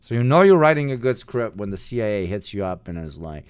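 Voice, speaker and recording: A man's voice: lowish voice, very animated, quick pace, hardly any pauses, clean tone, no room sound. A man streaming live and reacting to clips with casual, profane jokes.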